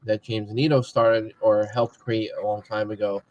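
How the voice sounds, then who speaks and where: A relaxed man hosts a podcast chat with a lower voice. He talks easily and often drops in short, agreeing replies. His audio sounds dull and lo-fi. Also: normal speed. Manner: relaxed, agreeable, many back-channel replies. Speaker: podcast host. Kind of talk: casual interview chat.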